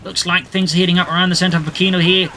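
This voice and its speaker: A man giving brisk play-by-play commentary on a video game match, with dry jokey asides. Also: high voice, flat delivery, pushed and bright.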